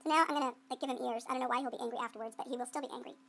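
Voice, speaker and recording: A woman with a fairly high, steady, slightly bright voice races through a clay demonstration as an art teacher. She's playful and chatty, thinking aloud while she works and quizzing her students in call-and-response fashion.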